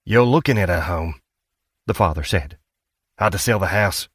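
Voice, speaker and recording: A man's voice: low-pitched, normal speed, a bit bright, husky, no room sound, studio quality. A male narrator voicing a curt, self-satisfied man in his sixties in an audiobook. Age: 60s. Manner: curt, smug. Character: gruff, curt, self-satisfied retired husband.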